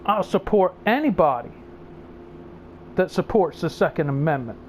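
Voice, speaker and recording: A man's voice: high voice, lively intonation, moderate pace, a little mellow, slight background noise. A man hosting a gaming channel, ranting angrily and swearing heavily. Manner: profane, angry, swearing heavily. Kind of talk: angry rant over gameplay.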